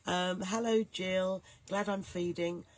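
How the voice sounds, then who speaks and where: A woman hosting a live stream, hoarse and gruff from a cold, chatting and greeting viewers by name. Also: on the low side, steady tone, slow. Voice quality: soft, growly, gruff. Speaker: host.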